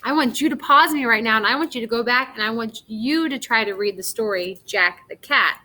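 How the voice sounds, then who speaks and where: A young woman teacher records a reading lesson for first graders. Her voice is bright and sits a little high. She is slow and encouraging and stretches words out for small children. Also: low-quality recording.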